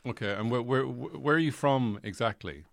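A man's voice: mid-range voice, moderate pace, gravelly, no room sound, studio quality. An Irish man hosting an improvised comedy chat, mock-interviewing and teasing his guest. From Ireland. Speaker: comedy podcast host.

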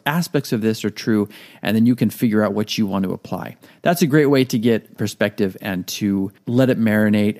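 A man hosts a solo podcast in a loose, conversational monologue. His voice sits a little low, and he now and then acts out his own inner voice and swears in passing. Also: creaky, darkish tone. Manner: casual, conversational, drops into quoted self-talk; occasional swearing. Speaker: podcast host.

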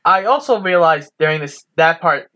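A man's voice: fairly high pitch, expressive, normal speed, sharp tone. A man co-hosting a podcast, casually recapping film scenes with an agreeable manner. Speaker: podcast co-host. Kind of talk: casual film-rewatch chat.

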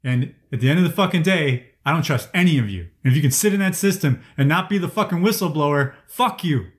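A man's voice: fairly high pitch, animated, quick pace. Angry, profane man ranting. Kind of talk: casual chat.

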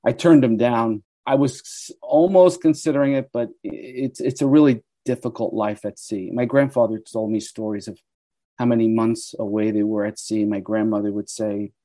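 A man in his sixties from the United States, a guest telling animated stories in an interview. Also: on the low side, normal speed, no echo. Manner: animated storyteller who acts out quoted voices. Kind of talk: storytelling interview.

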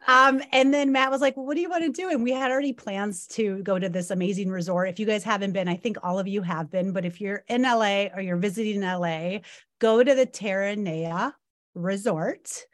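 A woman podcast co-host in casual chat, telling a story in an animated way and laughing often. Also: medium pitch, moderate pace, no echo, clean studio sound. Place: Los Angeles area.

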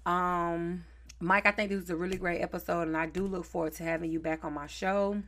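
A woman's voice: lowish voice, steady tone, brisk, a bit bright. Chatty Southern woman podcast host. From North Carolina, US. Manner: chatty, easygoing, slangy. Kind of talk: casual podcast chat.

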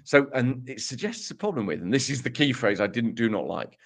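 A man presents research on a casual podcast, his pitch swinging up and down with lively energy. He speaks at a middle pitch and keeps dropping wry, self-mocking asides. The tone stays loose and joking. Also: a little fast, gravelly.

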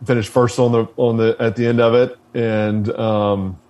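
Relaxed, profane storytelling man. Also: medium pitch, normal speed, muffled recording. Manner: relaxed, profane, many fillers, laughs while telling stories. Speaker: interview guest, former Marine officer. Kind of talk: casual storytelling interview.

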